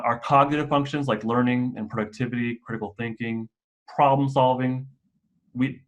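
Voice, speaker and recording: A man who works as a mental health clinician, presenting a staff and parent training in a casual, explanatory way with occasional restarts. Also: medium pitch.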